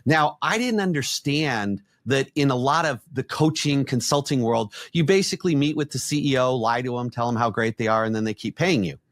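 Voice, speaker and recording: A middle-aged man, an executive coach, telling blunt, animated stories in a podcast conversation and acting out the quotes. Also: medium pitch, brisk, hardly any pauses, dry recording, studio quality.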